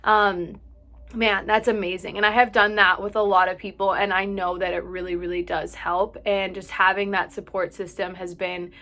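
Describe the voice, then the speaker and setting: A woman's voice: medium pitch, level tone, normal speed, bright, forceful tone. A young woman vlogging casual advice to camera, chatty and full of "like", a little out of breath. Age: young adult. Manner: chatty, fills with "like", sighs and laughs.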